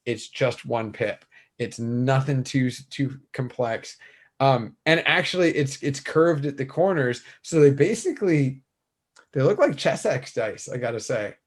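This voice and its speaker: A man co-hosting a podcast in casual chat, animated and rambling, swearing casually as he talks. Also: medium pitch, a little slow. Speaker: podcast co-host. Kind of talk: casual chat about tabletop wargaming.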